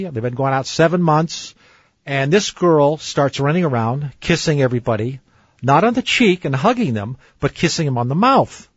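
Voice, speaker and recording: A man with a fairly high voice tells relationship stories, hitting his points hard and rushing ahead through restarts. The radio recording sounds dry and dull, with no room around it. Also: no echo. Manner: emphatic, animated storyteller with restarts. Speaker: dating coach. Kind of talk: radio call-in advice storytelling.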